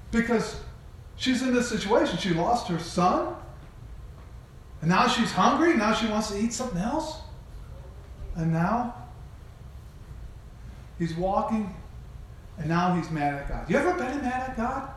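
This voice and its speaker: A man preaching a sermon, retelling a story in an animated way and putting questions to his listeners. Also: sits high, moderate pace, pauses often, a little hiss or hum. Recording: very echoey room.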